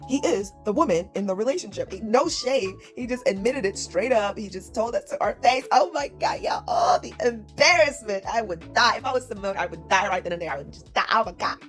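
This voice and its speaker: A woman's voice: medium pitch, expressive, fairly quick, hardly any pauses, a bit bright, faint music behind. A woman giving reaction commentary in a mocking, scornful way, repeating her points.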